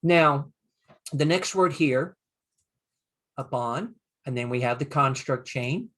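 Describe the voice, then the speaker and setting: An older man teaching a Bible Hebrew lesson, slowly sounding out Hebrew words and explaining them with frequent pauses. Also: medium pitch, fairly bright tone. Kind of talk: screen-share lesson.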